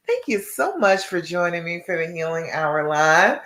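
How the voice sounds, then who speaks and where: A woman's voice: deep voice, big pitch swings, moderate pace, a bit bright, reverberant. A woman love coach, talking to a live-stream audience and checking in often with "okay?" and "all right?". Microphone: live-stream device mic.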